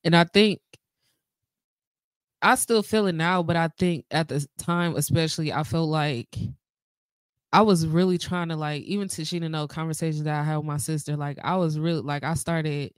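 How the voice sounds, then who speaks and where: A woman co-hosting a podcast, talking haltingly and emotionally in a casual heartfelt conversation. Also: low voice, steady tone, clean tone, no room sound. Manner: halting, emotional, fillers and restarts. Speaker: podcast co-host.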